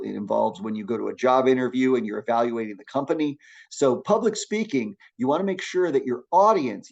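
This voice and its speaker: A middle-aged man gives a classroom lecture on public speaking. His voice sits in an ordinary middle pitch, and he keeps it lively and encouraging, often restarting a phrase as he goes. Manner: energetic, encouraging, with frequent restarts.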